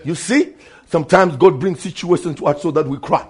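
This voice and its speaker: A male preacher delivering a sermon, repeating phrases for emphasis and calling out to brother and sister, shifting from low asides to loud shouts. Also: fairly quick, slightly rough.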